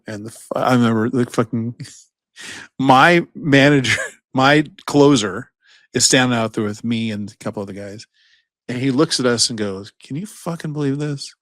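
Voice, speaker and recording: A man co-hosting a podcast, telling a long, profane workplace anecdote in a casual, animated way. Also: mid-range voice, dry recording. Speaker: podcast co-host. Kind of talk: casual storytelling chat.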